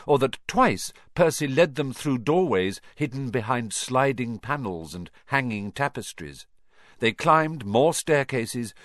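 A man narrates a storybook with expressive, animated reading. His pitch moves freely and lively through each sentence, at a middling register. The sound is dry and close to the mic. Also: no room sound. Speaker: audiobook narrator.

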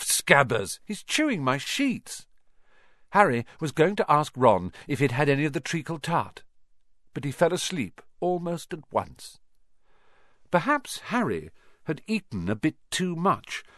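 Animated man reading a storybook. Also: on the high side, a little slow, dry recording, studio quality. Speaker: audiobook narrator. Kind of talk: storybook narration.

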